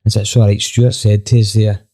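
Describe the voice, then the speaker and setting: Low, mellow Scottish man telling a story. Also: fairly quick. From Scotland. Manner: animated, swears freely, acts out quoted dialogue. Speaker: band member, podcast guest. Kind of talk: casual storytelling anecdote.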